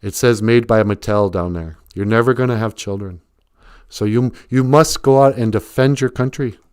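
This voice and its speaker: A man's voice: lowish voice, moderate pace, darkish tone, smooth, no room sound, clean studio sound. A man hosting a livestream, rambling through an improvised comic story. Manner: rambling, laughs at himself, reads chat comments. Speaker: comedic storyteller host. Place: home livestream.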